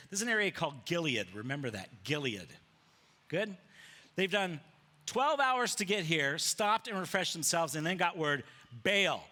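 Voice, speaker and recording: A pastor with a bright, forceful voice, sitting a little above the usual male range. He preaches in a lively, casual storytelling style, jumping into the characters' voices and dropping modern slang as he goes. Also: a little high. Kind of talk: sermon. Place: church sanctuary with slides.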